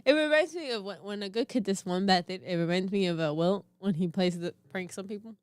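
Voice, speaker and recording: A young woman co-hosting a casual podcast, teasing her partner and chiming in with quick remarks. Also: mid-range voice, clean tone, dry recording. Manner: teasing, chiming in and laughing along. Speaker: podcast co-host. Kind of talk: casual chat.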